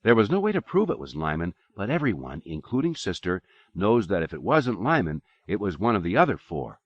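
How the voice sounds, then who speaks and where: A man narrating an audiobook with measured, expressive storytelling, on a dull lo-fi cassette recording. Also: low-pitched, dry recording.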